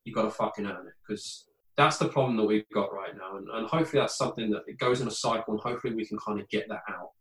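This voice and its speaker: A man's voice: lowish voice, fast, a bit bright, echoey room, low-quality recording. A man telling sports anecdotes in a casual, swearing, laid-back way. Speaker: former ice hockey player, podcast guest. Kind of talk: casual storytelling chat.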